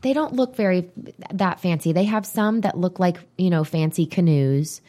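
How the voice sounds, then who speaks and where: Woman with a lowish voice, rambly casual podcast chat, reading stuff off a list. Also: moderate pace, dark tone. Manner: rambling, reads items aloud from a list. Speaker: podcast co-host.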